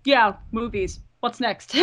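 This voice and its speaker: A woman with a somewhat high voice talks in a loose, animated podcast chat. She gushes about things she loves and fills her sentences with "like". Her delivery is casual and unscripted. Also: takes it slowly. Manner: animated, gushing, frequent "like". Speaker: podcast guest.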